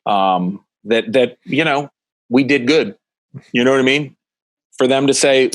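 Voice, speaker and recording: A man, a stand-up comedian, chats loosely and animatedly, restarting his sentences as he goes. His voice is mid-pitched and ordinary. The recording is close and dry. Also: measured pace, dry recording. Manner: animated, rambling, many restarts. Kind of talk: casual podcast chat.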